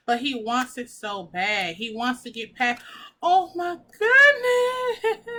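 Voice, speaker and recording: A woman gives a pick-a-pile tarot reading, chatting casually and emotionally, gushing and swearing as she reads the cards. Her voice is on the high side, pushed and bright.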